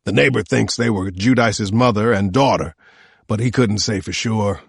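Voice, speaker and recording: A man's voice: on the low side, normal speed, vocal fry, husky, no echo, studio quality. A man reading an audiobook, voicing a laid-back male cop who talks in an offhand way.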